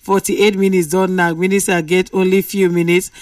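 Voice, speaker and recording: A woman's voice: lowish voice, little pitch movement, moderate pace, no echo, studio quality, far from the mic. A Nigerian woman hosting a late-night radio call-in, playfully reading out listener messages and bantering with callers.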